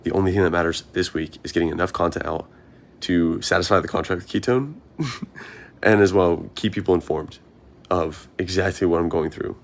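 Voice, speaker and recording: A man's voice: deep voice, moderate pace, gravelly. A young man, a marathon runner, talking through his thoughts in an earnest, rambling vlog monologue, often asking himself questions.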